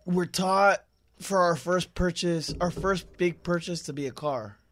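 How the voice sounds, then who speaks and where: A man in his thirties talks loosely with a friend, teasing and swearing freely. His voice sits notably high for a man. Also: measured pace, fairly bright tone, a little hiss or hum. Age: 30s. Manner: laughing, teasing, profane. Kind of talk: casual chat.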